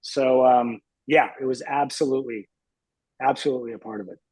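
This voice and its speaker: A man's voice: medium pitch, fairly even intonation, fairly quick, a little mellow, breathy edge, dry recording, low-quality recording. A man in his fifties, a podcast guest reminiscing in casual chat, hesitant and rambling with many fillers.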